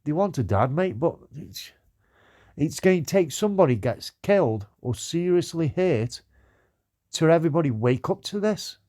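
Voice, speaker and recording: A man's voice: fairly high pitch, sing-song, moderate pace, warm tone. A man on a livestream, earnestly giving advice and pleading, with "mate" at the end of nearly every sentence. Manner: pleading, says "mate" again and again. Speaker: livestream commentator.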